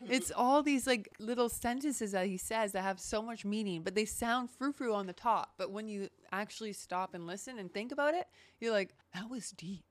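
A woman co-hosting a casual podcast, animated and playful, laughing often. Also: mid-range voice, normal speed, dry recording. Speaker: podcast co-host. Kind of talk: casual chat.

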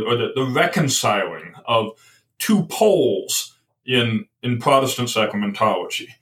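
A man's voice: on the low side, a bit bright, recorded from a distance, low-quality recording. Hesitant, thoughtful man, off-mic. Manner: thoughtful, hesitant, many restarts. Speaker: guest author. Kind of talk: podcast conversation.

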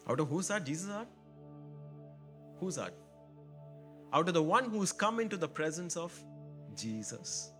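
A man's voice: on the high side, very animated, a little slow, pauses often, bright, forceful tone, soft background music. A man preaching a sermon, building to emphatic repeated rhetorical questions and calling out to the congregation. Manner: calls out to the congregation. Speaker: pastor.

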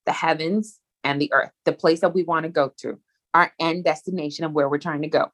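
Husky woman giving casual bible teaching. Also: low-pitched, fairly quick. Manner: animated, conversational, acts out quoted exchanges. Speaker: podcast host.

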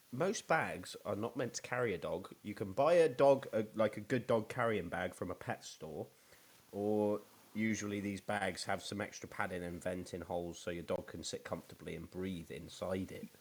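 A young man, chatting casually in an excitable, jokey way and swearing. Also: fairly low pitch, moderate pace, slightly rough. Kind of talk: casual chat.

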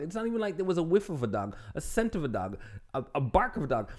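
A man's voice: a little high, big pitch swings, a little fast, darkish tone. A man co-hosting a podcast, chatting casually and retelling a story enthusiastically, with repeats for emphasis. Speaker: podcast co-host. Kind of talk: casual chat.

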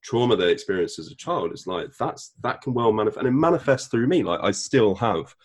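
A man's voice: lowish voice, expressive, brisk. A man speaking as a podcast guest, candid and reflective, with the odd casual swear. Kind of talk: casual interview chat.

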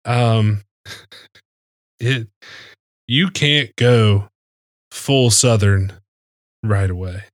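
A man's voice: on the low side, drawn-out words, long pauses, dry recording. Joking man in a dry room. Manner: joking, rambling, many fillers. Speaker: podcast co-host. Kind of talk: casual sports chat.

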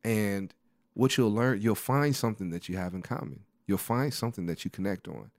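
Man in his thirties, lowish voice, casual podcast chat, rambling storyteller, dry close sound. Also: normal speed, darkish tone, dry recording. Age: 30s. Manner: storytelling, lots of restarts and "you know". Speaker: podcast co-host.

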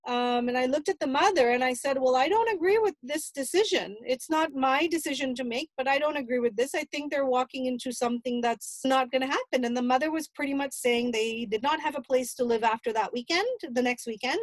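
A woman's voice: high voice, brisk, few pauses, no room sound. A middle-aged mother recounting an emotional family story, replaying her own past dialogue at length. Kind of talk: personal storytelling.

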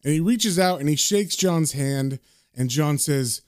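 A man's voice: on the high side, lively intonation, moderate pace, smooth. A man giving a casual, informal recap of a comic book, swearing freely.

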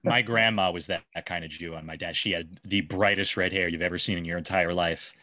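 A man's voice: sits low, fairly quick, dry recording. A man co-hosting a casual comedy podcast, crude and joking as he tells family stories. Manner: crude, joking, animated storytelling.

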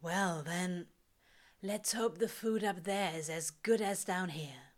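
A woman voicing a laid-back male demon in a low, dry, quietly coaxing voice. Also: takes it slowly.

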